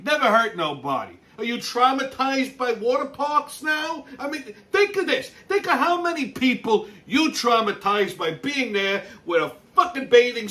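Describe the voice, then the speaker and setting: A man's voice: very high voice, pushed and bright. A man hosting a weekly commentary show, ranting with constant swearing and exasperated laughter about the news and sports. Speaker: host. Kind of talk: profane rant-style commentary.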